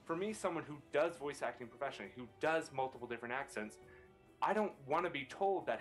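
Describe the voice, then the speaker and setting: A man's voice: fairly high pitch, animated, fast talker, faint music behind. A male voice actor on a panel, giving earnest advice and explaining his points with rhetorical questions.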